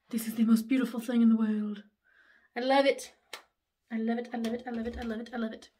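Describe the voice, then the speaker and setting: A woman, chatting excitedly while doing her makeup in a casual vlog, gushing and chatty. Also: a little high, quick pace, pauses often, husky. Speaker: makeup vlogger. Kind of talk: casual get-ready-with-me chat.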